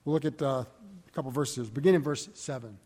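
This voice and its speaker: A man's voice: mid-range voice, a little fast, warm tone. A man giving a sermon, reading scripture aloud with rising emphasis and correcting himself as he goes. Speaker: pastor. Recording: reverberant hall.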